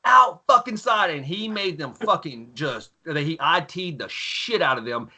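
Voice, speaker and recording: Podcast guest, thirties, man; crude, lively storytelling; bright, pushed tone. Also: fairly high pitch, normal speed, husky. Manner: profane, animated, acts out yelling officers in his stories. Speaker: podcast guest, former Marine and author. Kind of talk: casual storytelling.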